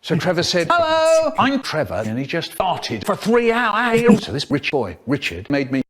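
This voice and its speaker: A man's voice: fairly high pitch, huge pitch swings, normal speed. A man, telling playful, exaggerated stories in edited clips. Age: 70s. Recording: remix with loud music bed.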